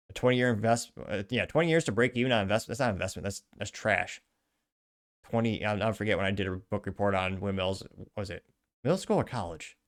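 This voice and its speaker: A man hosting a political commentary show, reading social media posts aloud and reacting with sarcastic, muttered asides. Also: lowish voice.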